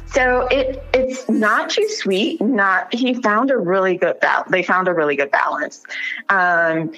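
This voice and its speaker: Slow-talking giggly woman guest. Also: medium pitch, a bit bright, soft background music, low-quality recording. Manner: unhurried, giggly. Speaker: guest, business owner. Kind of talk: casual interview chat.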